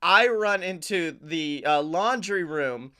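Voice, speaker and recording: A young man co-hosting a podcast, telling a profane, animated story and acting out the dialogue. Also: fairly high pitch, slow, clear, resonant tone. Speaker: podcast co-host. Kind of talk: casual comedic chat.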